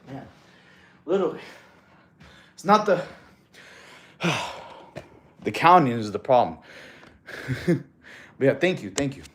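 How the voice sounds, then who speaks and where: A man's voice: medium pitch, big pitch swings, takes it slowly, pauses often, fairly bright tone. A man chatting casually on a fitness livestream in a laid-back, slangy way, getting out of breath as he counts push-ups. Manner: laid-back slangy talk, calls viewers bro. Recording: echoey room.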